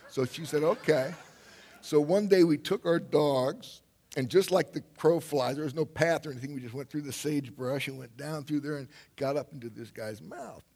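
An older man telling a personal story on stage in a rambling way, laughing often and breaking into sudden loud bursts. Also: a little high, normal speed, gravelly. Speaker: speaker on stage. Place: stage before an audience.

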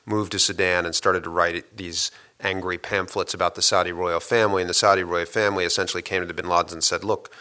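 A man interviewed as a guest, giving long, measured story-like answers with frequent hesitations and restarts. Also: sits low, little pitch movement, bright, forceful tone, clean tone.

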